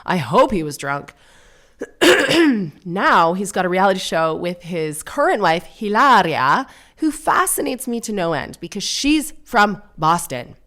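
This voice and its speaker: A woman in her thirties hosts a podcast of casual solo comedy chat, sardonic and full of mocking put-on voices. Her mid-range voice swings widely in pitch, a bit bright and a little slow.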